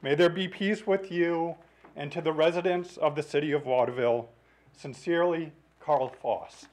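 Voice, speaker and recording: A man reading a prepared letter aloud at a city council meeting in a measured, earnest way, into a podium microphone. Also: a little high, darkish tone, rough recording. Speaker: resident speaking at public comment.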